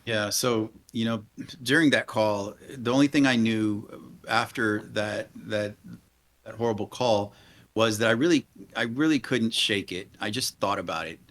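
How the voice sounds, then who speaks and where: A man in his forties speaks as a guest in a podcast interview. His voice sits on the low side. He talks in an earnest, halting way and often restarts his sentences. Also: fairly bright tone. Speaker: police leader and guest.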